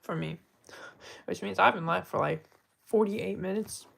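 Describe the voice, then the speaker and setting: A woman talking in a casual live stream monologue, soft-spoken and heartfelt, often trailing off and restarting her sentences. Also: on the low side, a little slow, creaky, slight background noise, low-quality recording.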